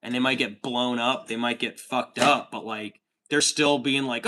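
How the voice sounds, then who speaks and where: Streamer, male, thirties, bright tense voice, rambling and profane, calls everyone dude. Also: mid-range voice, fairly even intonation, moderate pace. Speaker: livestream host reading chat. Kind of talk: casual chat.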